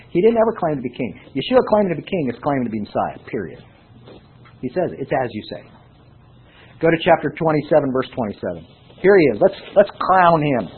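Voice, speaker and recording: A man preaching a sermon and teaching from scripture, with animated delivery and frequent rhetorical questions to his listeners. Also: a little high, slightly rough. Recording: tinny phone-like sound.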